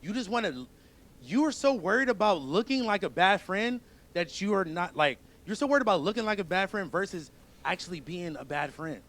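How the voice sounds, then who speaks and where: A man with a high voice confronts his longtime show partner. He is heated, profane and accusing, and he keeps pressing his point. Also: expressive, fairly quick, a bit bright.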